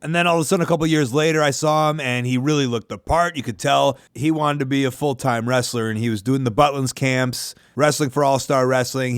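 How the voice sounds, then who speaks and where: A man, hosting a podcast in a rambling, self-deprecating monologue with animated asides. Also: mid-range voice, smooth, dry recording, studio quality. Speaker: podcast host. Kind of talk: casual monologue.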